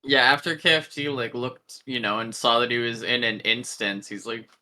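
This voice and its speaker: A man's voice: medium pitch, fairly even intonation, normal speed, crowd noise. A man at a tabletop game table, chatting and describing what his character does. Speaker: player.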